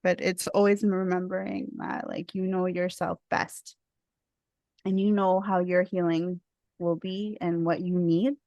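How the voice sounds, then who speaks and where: Talkative, expressive woman from India. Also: on the low side, unhurried, gravelly, no room sound, lo-fi sound. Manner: talkative, expressive, easily sidetracked. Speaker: guest speaker. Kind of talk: casual discussion.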